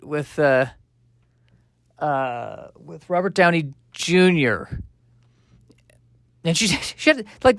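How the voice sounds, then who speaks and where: A man's voice: high voice, fairly bright tone, no echo, studio quality. A man hosting a solo comedy podcast, rambling through tangents with lots of fillers. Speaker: podcast host.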